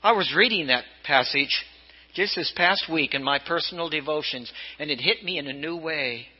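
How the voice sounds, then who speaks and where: Older bishop preaching, lively storyteller. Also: male voice, moderate pace, husky, highs cut off. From California. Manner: storytelling preacher, swinging pitch for emphasis. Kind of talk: sermon. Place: church.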